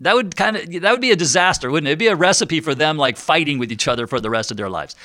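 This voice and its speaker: A man's voice: a little high, animated, fast, bright, forceful tone, no room sound, studio quality. A man hosting a radio talk show on retirement planning, chatty and jokey, teasing listeners and often laughing at himself. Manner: jokey, chatty, self-deprecating.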